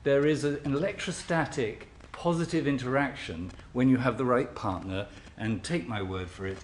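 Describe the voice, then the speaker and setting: A man's voice: mid-range voice, moderate pace, a little hiss or hum. A man giving an academic symposium lecture in a lecture hall, wry and often restarting his sentences. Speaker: scientific speaker. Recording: roomy hall with faint ambience.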